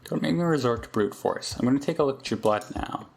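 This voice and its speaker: A man's voice: medium pitch, animated, fast, vocal fry, a little mellow, a little hiss or hum. A man reading aloud the lines of a stern, impatient male doctor, curt and dismissive. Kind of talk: reading game dialogue aloud.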